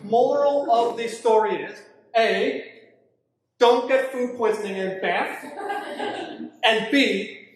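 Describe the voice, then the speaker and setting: Comedian at a brewery gig, unhurried delivery, lots of room echo, animated panicky asides. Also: male voice, extremely high pitch. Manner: animated, acts out his own panicked reactions. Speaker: stand-up comedian. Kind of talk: stand-up storytelling. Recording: echoey room.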